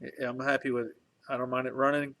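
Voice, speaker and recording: A man's voice: mid-range voice, little pitch movement, fast, fairly bright tone. Middle-aged male host, folksy, rambling live-stream chat from his garage. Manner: rambling, folksy, with restarts and chuckles. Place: home garage workshop.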